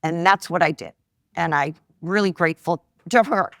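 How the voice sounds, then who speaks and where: Her lowish voice keeps a moderate pace as this woman in her sixties, an investor guest on a live podcast interview, relates animated personal anecdotes and acts out the quoted voices. The audience laughs live, and there's no room sound.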